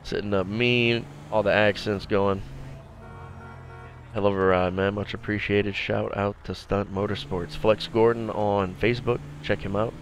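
A man's voice: on the low side, fairly even intonation, a little slow, slight background noise. A man giving casual, slangy, laid-back commentary while playing a video game. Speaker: gameplay commentator.

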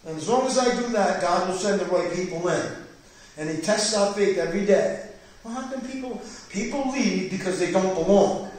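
A man's voice: high voice, normal speed, a little mellow. A man pastor leading a Bible study sermon in a church, preaching fervently with rising emphasis. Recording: echoey church hall, distant mic.

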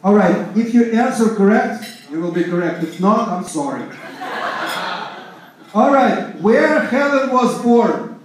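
High-voiced Russian-accented party MC. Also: male voice, expressive, a little slow, pauses often, heavy reverb, distant mic, a little hiss or hum, rough recording. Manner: jokey, playful, switches between English and Russian. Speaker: party MC running a trivia game. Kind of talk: party hosting, quiz questions to guests. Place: banquet room at a hotel party.

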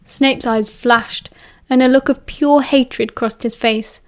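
A woman with a British accent reads a novel aloud in a steady, expressive audiobook style. Her voice sits a little high for a woman. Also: takes it slowly, few pauses. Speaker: audiobook narrator. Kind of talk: audiobook narration.

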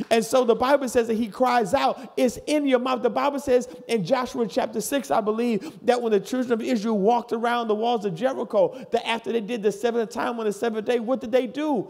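A man's voice: extremely high pitch, fairly even intonation, brisk, vocal fry, hardly any pauses, darkish tone. A pastor in his thirties preaching a sermon to his congregation in church, building from plain talk into hollering. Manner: talks straight to the congregation.

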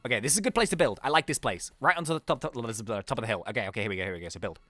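A man giving excitable, chatty commentary while playing a video game, often laughing and exclaiming. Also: medium pitch, racing, dry recording. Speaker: gaming video host. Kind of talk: casual let's-play commentary.

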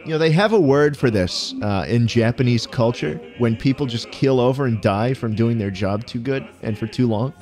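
A man giving profane, excitable let's-play commentary, often yelping and laughing. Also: mid-range voice, normal speed, few pauses, faint music behind. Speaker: gaming YouTuber.

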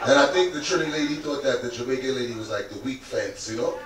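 A male stand-up comedian telling a crude story loudly and with animation, live at an event on a cruise ship. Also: mid-range voice, fast talker. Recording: echoey room, far mic, loud crowd.

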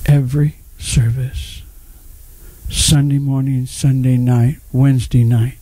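Slow-preaching middle-aged male pastor. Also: mid-range voice, little pitch movement, warm tone, no echo. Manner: personal testimony, emphatic, calls on the congregation. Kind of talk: sermon.

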